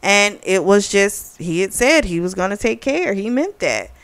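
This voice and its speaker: A woman's voice: medium pitch, big pitch swings, normal speed, smooth, dry recording. Chatty woman retelling a book plot. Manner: chatty retelling with many "like" and "you know". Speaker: book review host. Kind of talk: casual book review.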